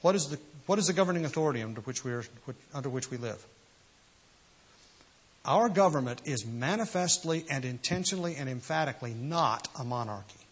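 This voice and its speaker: A man's voice: medium pitch, expressive, brisk, husky. A man preaching a sermon, emphatic and full of rhetorical questions. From United States. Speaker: pastor.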